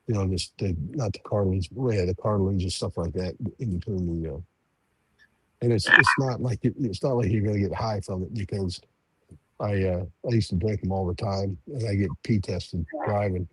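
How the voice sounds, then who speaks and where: A man chatting casually as co-host, explaining things slowly with many restarts. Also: fairly low pitch, slightly rough, no echo. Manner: halting, restarts sentences, drawn-out explaining. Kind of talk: casual chat.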